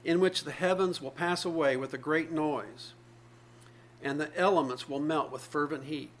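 A man's voice: fairly high pitch, fairly even intonation, moderate pace, a little hiss or hum. A man, probably older, preaching a sermon, reading scripture aloud and explaining it earnestly with repeated phrases.

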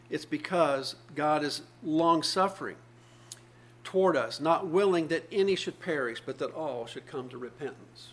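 A man, probably older, preaching a sermon, reading scripture aloud and explaining it earnestly with repeated phrases. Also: a little high.

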